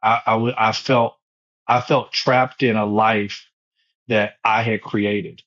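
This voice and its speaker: A man's voice: on the low side, little pitch movement, slow pace, fairly bright tone, dull audio. Earnest man telling a painful story. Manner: earnest, emotional storytelling with repetitions. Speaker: guest, foundation founder and former pastor. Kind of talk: personal story in interview.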